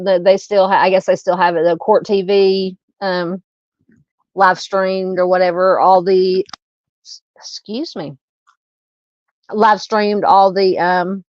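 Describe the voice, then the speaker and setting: With a mid-range voice, a middle-aged Southern woman hosts a true crime livestream while hiccuping, chatting loosely, welcoming viewers, and reading comments amid frequent fillers and false starts. The audio is dull, without echo.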